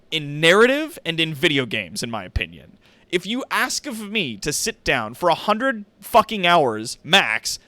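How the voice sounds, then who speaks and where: A man's voice: on the high side, no echo. A man streaming, chatting casually and ranting with lots of swearing. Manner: animated, rants with heavy swearing. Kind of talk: casual gaming stream chat.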